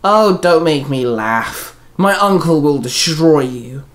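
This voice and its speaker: A man's voice: medium pitch, a little slow, fairly bright tone. A man voicing a haughty young villainess princess, delivering her lines with a sneer. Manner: sneering, snappish.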